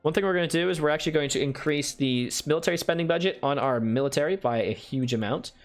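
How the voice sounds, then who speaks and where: A man with a fairly high voice talks quickly over faint background music, casually commentating on a strategy game he's streaming. He explains his moves, responds to viewer chat and throws in playful asides.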